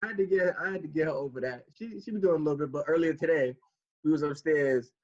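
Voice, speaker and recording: Podcast co-host, male, high voice, laid-back slangy talker, muffled lo-fi sound. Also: fast talker. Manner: relaxed slangy storytelling. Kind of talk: casual chat.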